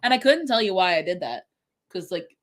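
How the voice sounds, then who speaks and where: A woman in her forties chats at home during a livestream, her voice sharp and bright despite being congested. She rambles chattily, piling on fillers as she tells stories like the teacher she is. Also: fairly low pitch, very animated, brisk. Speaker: middle school French teacher. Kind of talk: casual livestream chat during writing sprint.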